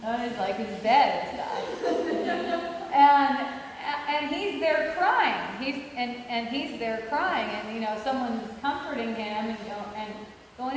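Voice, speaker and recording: A woman's voice: fairly high pitch, lively intonation, takes it slowly, a little hiss or hum. A woman giving a casual spiritual talk full of anecdotes. She rambles, with frequent fillers and restarts, and laughs often between points. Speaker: spiritual teacher. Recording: echoey hall with long reverb.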